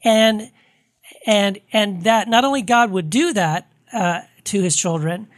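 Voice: medium pitch, slow pace, dry recording. A speaker in a casual discussion, emphatic and repeating words for effect.

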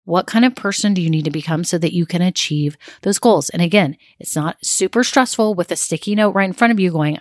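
A woman's voice: lowish voice, no echo, studio quality. A woman in her thirties giving a direct, conversational motivational talk as a business coach, with frequent "like"s. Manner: direct, rapid, conversational, uses "like" often.

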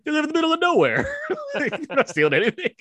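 Lively, playful man hosting a podcast quiz. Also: very high voice, fast talker. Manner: playful, laughs often, reads quotes in put-on voices. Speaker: podcast host running a quote quiz. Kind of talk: casual podcast chat.

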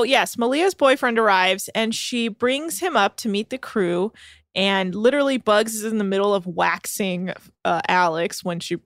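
A woman recapping a reality show in chatty, sarcastic storytelling. Her voice sits at an ordinary pitch for a woman. It is recorded close and dry, with no room sound. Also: creaky, no room sound. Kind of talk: casual recap chat.

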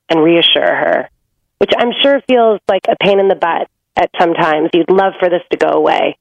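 A woman relationship coach giving gentle, reassuring advice to a couple on a podcast. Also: on the low side, normal speed, creaky, no echo. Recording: dull lo-fi remote line.

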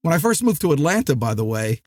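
A middle-aged man from New Jersey hosting a sales podcast, talking in an animated, rambling way with frequent restarts. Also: on the high side, quick pace, no echo, clean studio sound. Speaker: podcast host. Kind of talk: energetic sales podcast monologue.

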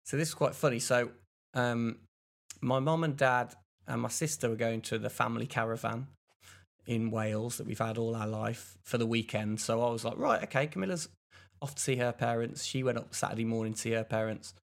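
A man's voice: medium pitch, fairly even intonation, fairly quick, gravelly. A young English man on a casual podcast, telling a rambling story and mimicking other people's voices as he goes. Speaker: podcast co-host. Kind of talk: casual chat.

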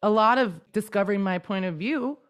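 A young adult woman chatting casually as a guest, animated, often slipping into lively voices to quote herself and others. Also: mid-range voice, fairly quick. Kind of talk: casual chat.

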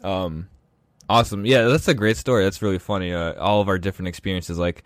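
Man, lowish voice, casual podcast host, storytelling, acts out quotes, dry close sound. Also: fairly even intonation, brisk, dry recording.

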